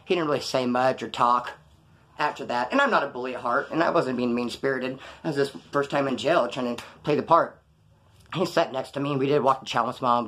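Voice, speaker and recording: A man's voice: medium pitch, fairly bright tone. A man telling a story from his past in a casual, profane, slang-filled way, acting out the voices of the people in it. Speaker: storyteller talking to camera.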